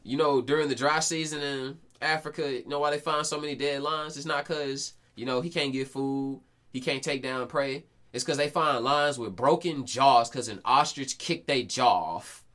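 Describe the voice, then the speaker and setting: A man in his twenties hosting a podcast, telling stories in casual, slangy talk full of swearing and quick restarts. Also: medium pitch, steady tone, fairly bright tone. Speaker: podcast host. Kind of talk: casual chat.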